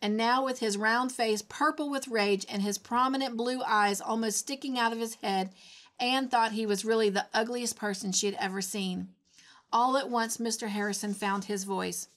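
A woman reading a classic novel aloud as a storyteller, with expressive delivery. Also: on the high side, moderate pace. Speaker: storybook reader.

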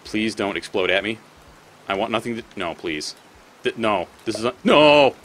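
A man's voice: fairly low pitch, normal speed, fairly bright tone, slight background noise. A man giving casual gameplay commentary as a let's play host; he swears often and talks back at the creatures on screen.

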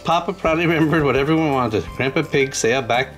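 A man's voice: fairly high pitch, quick pace, soft background music. A man casually unboxing toys and reading a children's storybook aloud, chatting to young viewers as he goes. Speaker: channel host.

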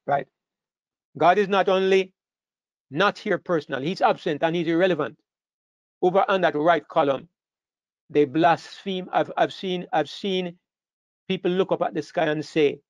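A man preaching a sermon, emphatic, rising sharply in pitch and volume on key phrases and often restarting his words. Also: dry recording, lo-fi sound.

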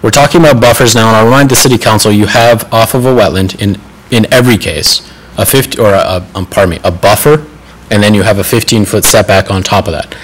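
Male staff presenter at a public council meeting, steady and explanatory, somewhat low pitch. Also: fast talker, poor audio. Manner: methodical, apologetic about slide errors. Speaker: city planning staff presenter.

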